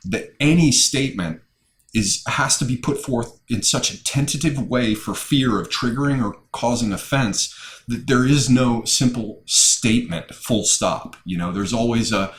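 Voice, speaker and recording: A man's voice: mid-range voice, fairly bright tone. A man with a Southern US accent hosting a podcast, ranting heatedly and swearing often in casual talk. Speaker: host. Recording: echoey room.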